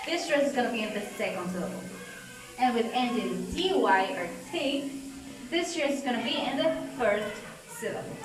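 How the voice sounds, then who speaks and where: A young woman with a Colombian Spanish accent, slowly explaining stress rules in a class presentation. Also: fairly high pitch. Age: young adult. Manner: slow, careful, repeats key points. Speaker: student presenter. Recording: echoey room, voice from far off.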